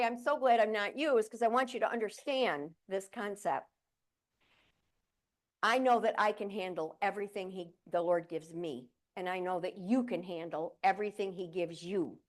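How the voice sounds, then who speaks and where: An older woman from central New York giving a humorous motivational keynote to a live audience, telling stories with chatty, playful asides. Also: fairly high pitch. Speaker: keynote speaker. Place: conference room with audience.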